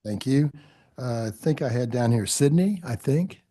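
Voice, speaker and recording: A man chairing a public board meeting, swearing people in courteously and pausing with fillers. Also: medium pitch, lively intonation, mellow. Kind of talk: formal public meeting procedure. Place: meeting room with podium.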